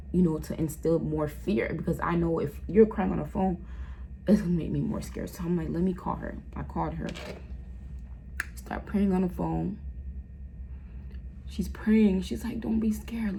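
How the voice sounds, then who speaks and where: Slow gravelly-voiced woman telling a story. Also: lowish voice, darkish tone, a little hiss or hum, poor audio. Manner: halting, repeating herself, voice rising and falling with feeling. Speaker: vlogger. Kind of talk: emotional story time.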